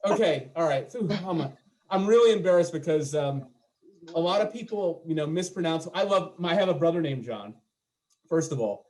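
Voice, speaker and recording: A man with a slightly raised pitch works through a stand-up set over a video call. His delivery is loose and chatty, full of self-deprecating riffs and asides to the audience. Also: lively intonation, normal speed, a little mellow. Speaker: stand-up comedian.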